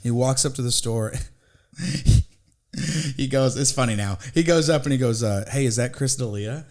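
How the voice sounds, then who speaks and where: A man in his thirties hosting a podcast, high and telling stories in a loose, laughing way. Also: normal speed, darkish tone. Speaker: podcast host. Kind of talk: casual chat.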